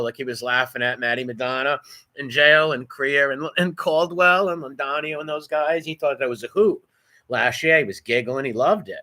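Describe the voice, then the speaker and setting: A man's voice: mid-range voice, pushed and bright. A man hosting a reaction commentary, blunt, profane and mocking. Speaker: commentary channel host.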